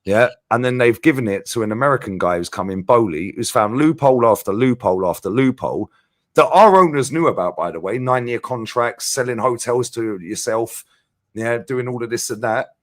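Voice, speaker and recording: A man with a London accent ranting about football as a panelist in a casual chat show, talking in long sweary tangents. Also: mid-range voice. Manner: ranting, sweary, fast-flowing.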